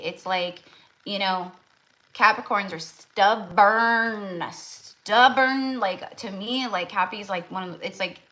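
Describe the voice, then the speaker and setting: A woman's voice: mid-range voice, bright, forceful tone, poor audio. A woman doing a casual tarot reading for her viewers, rambling with lots of "like" and restarts. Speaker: tarot reader.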